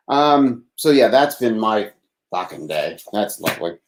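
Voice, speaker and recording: A man from Texas talks loosely through a live nightly show, rambling and breaking into laughter. His pitch leaps up and down a lot. The room around him has a noticeable echo. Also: big pitch swings, a little slow. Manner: rambling, laughs often, swears. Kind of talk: casual live-stream monologue.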